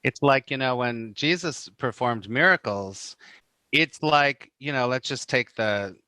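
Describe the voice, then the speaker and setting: Brief: middle-aged male guest, crisp bright tone, dry close sound, lively storyteller. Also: medium pitch, measured pace, no room sound. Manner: animated storyteller, acts out quoted voices, many "you know"s. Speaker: guest, spiritual teacher. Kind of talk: casual podcast conversation.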